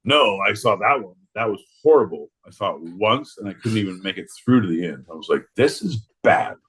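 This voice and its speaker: A man's voice: on the low side, lively intonation, brisk, a bit bright, breathy edge. A man co-hosting a podcast, rambling through crude jokes and laughing often in casual banter. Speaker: podcast co-host.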